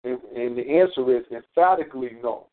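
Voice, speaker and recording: A man's voice: medium pitch, brisk. A man talking casually on a radio show, rambling and profane, often hunting for his words. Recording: tinny phone line.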